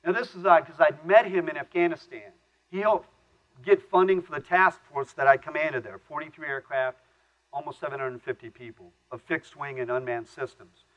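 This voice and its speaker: A plain-spoken middle-aged man tells his stories from a conference stage. His voice sits a touch high, and his folksy delivery is broken up by chuckles at his own tales. The recording is dull and lo-fi. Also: normal speed. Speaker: conference speaker. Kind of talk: storytelling keynote talk.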